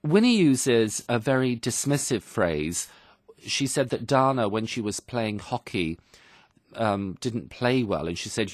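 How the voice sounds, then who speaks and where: A man's voice: medium pitch, animated, unhurried, dry recording, clean studio sound. A man presenting a radio English lesson, explaining phrases in a patient, teacherly way.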